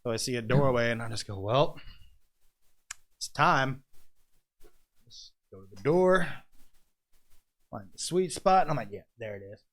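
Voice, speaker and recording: A man's voice: medium pitch, animated, a little slow, pauses often. A man telling a story in a casual podcast chat, acting out the scenes with quoted voices and sound effects, and often laughing as he talks. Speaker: podcast guest, independent wrestler.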